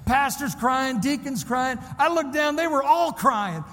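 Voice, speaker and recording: A man from Illinois preaching a sermon at a missions convention, moving between quiet, emotional storytelling and fervent, rising exhortation. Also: extremely high pitch, expressive, a little slow, in a large hall. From Illinois, USA.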